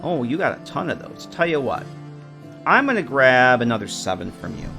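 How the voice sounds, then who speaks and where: A man's voice: mid-range voice, very animated, normal speed, gravelly, over music. A man giving casual, joking commentary while streaming a game, often stumbling over his words.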